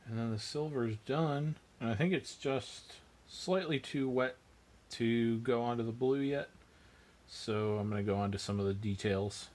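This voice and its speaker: A man's voice: medium pitch, a little slow, darkish tone. A man hosting a miniature painting livestream, chatting casually as he works and answering viewers with dry, self-mocking humor.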